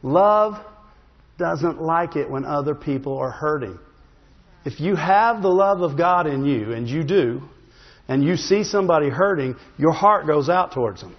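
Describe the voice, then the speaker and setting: A man with a high voice preaches in a church sanctuary, and his words ring out with a long reverb. He tells the story in a humorous, conversational way and keeps asking the congregation "Amen?" The recording sounds slightly dull. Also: expressive, measured pace. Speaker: pastor. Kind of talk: sermon.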